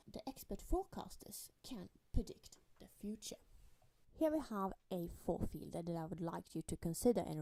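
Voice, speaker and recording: Woman lecturer with a gravelly, warm voice, walking students through a diagram. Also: mid-range voice, no room sound. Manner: explanatory, walks through a diagram step by step. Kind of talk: recorded lecture.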